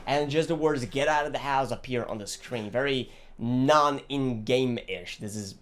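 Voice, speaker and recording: A young man from Brazil, chatting casually about a video game in an animated, rambling, jokey way. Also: mid-range voice, measured pace. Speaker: gaming vlogger.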